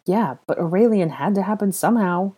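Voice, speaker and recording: A woman's voice: mid-range voice, lively intonation, a little fast, mellow, breathy edge, voice pushed up. A woman reading aloud, voicing a blunt young wizard investigator who speaks firmly and presses for answers. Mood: demanding. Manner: firm, blunt and demanding.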